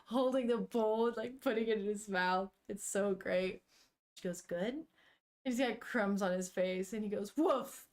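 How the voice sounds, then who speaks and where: A woman with a fairly high voice reads a manga aloud at an easy, drawn-out pace. She chats with her viewers as she goes, giggling often and swearing casually. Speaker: streamer.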